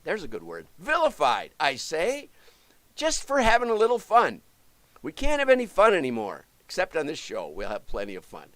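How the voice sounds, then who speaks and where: A middle-aged man from the US hosts a casual livestream, chatting in a fairly high voice that swings up and down a lot. He jokes and breaks off into asides, and the close mic sounds dry. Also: a bit bright, no room sound. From United States. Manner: chatty and jokey, self-interrupting asides. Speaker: livestream show host.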